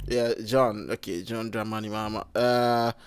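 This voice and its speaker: A man's voice: on the low side, steady tone, normal speed, clear, resonant tone, faint music behind. A man with a Ghanaian English accent, hosting a casual livestream and thinking aloud with frequent self-corrections. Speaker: livestream host.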